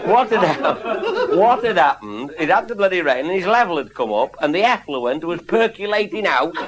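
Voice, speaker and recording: A man's voice: high-pitched, heavy background noise. A man telling an earthy, swearing comic anecdote to a live audience and chuckling through his lines. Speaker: storyteller. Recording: loud live audience laughter.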